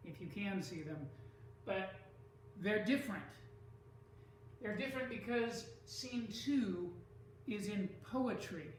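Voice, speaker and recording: Slow, deliberate teacher in an echoey room. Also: mid-range voice, recorded from a distance, slight background noise. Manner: slow, deliberate, stresses syllables aloud. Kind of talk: classroom lesson on poetry.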